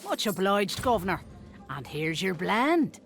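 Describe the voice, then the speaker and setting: A woman's voice: mid-range voice, big pitch swings, measured pace, faint music behind. An actress playing a sly woman herb dealer with a sultry sales patter in a video game. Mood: sultry selling.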